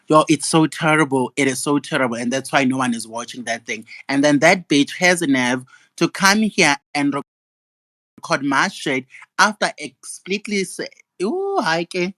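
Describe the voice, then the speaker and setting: A man's voice: fairly high pitch, moderate pace, fairly bright tone, no room sound. A young man, ranting indignantly and profanely in a gossip vlog. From South Africa. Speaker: gossip vlogger. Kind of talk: angry ranting monologue.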